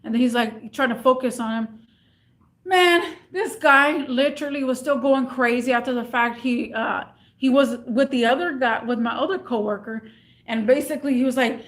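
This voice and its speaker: High-pitched retail worker woman, rambly storytime, repeats herself a lot. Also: normal speed. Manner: rambling and repetitive, animated retelling. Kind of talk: casual storytime vlog.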